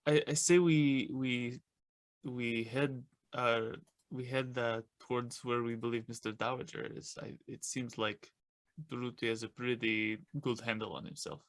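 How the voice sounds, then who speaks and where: A man's voice: mid-range voice, flat delivery, measured pace. A man playing a tabletop game, a bit hesitant and self-mocking in casual chat. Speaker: player.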